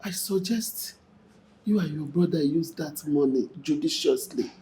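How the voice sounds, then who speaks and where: An actress playing a weak, ailing older mother in hospital, speaking with a Nigerian accent in a slow, soft voice. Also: low voice, slight background noise. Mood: weary. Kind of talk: film drama.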